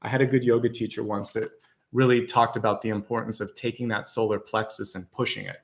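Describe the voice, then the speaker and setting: A man's voice: mid-range voice, fast. A man giving a tarot reading to viewers, talking in a confident, encouraging, conversational way. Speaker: tarot reader.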